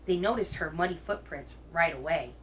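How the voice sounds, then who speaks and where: A woman hosting a children's reading show, telling a picture book aloud in a gentle, expressive way. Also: deep voice, moderate pace, a little hiss or hum, low-quality recording. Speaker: children's story reader, host.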